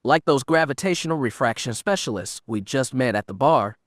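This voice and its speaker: A man reading a frustrated young Jedi, sharp and bitter. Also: mid-range voice, expressive, a little fast, no echo, studio quality, natural voice. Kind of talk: audiobook character reading.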